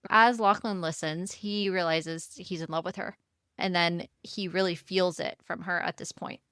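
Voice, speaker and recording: Bright, crisp-voiced woman podcast host. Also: fairly low pitch, normal speed, no room sound, studio quality. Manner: animated retelling with acted-out character lines. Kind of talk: casual book discussion.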